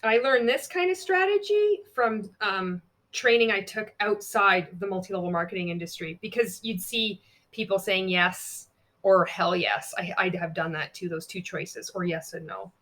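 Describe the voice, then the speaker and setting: A woman's voice: medium pitch, normal speed, fairly bright tone. A young adult woman vlogging in casual chat, candid and blunt, swearing freely and laughing at herself. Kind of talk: casual chat walking through examples.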